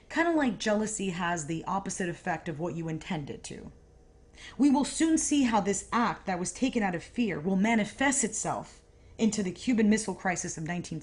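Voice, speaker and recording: Female podcast host, mid-pitched, casual storyteller with punchy asides. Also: a little mellow. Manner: conversational, emphatic, with asides.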